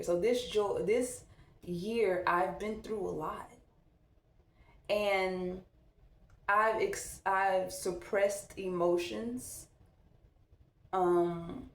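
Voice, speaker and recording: A woman, a mom talking candidly and reflectively while she gets ready at home. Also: lowish voice. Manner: candid, reflective, loose conversational delivery. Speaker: vlogger, mom. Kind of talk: casual get-ready-with-me chat. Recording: echoey room.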